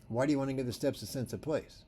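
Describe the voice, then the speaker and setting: A man teaching photography in a presentation, telling stories with animated delivery and acting out the dialogue. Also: medium pitch, quick pace, slightly rough. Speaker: photography instructor.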